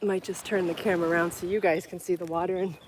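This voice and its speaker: On her way to a beach, a podcast host walks her bike and live-streams through a handheld phone, with a little hiss or hum on the audio. Her lowish voice has little pitch movement and a quick pace. She's casual, chatty and apologetic, laughing often and short of breath.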